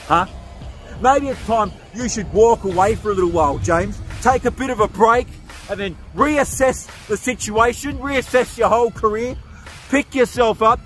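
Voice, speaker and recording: A man giving a profane, berating wrestling promo as a wrestler, shouting at times. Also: high voice.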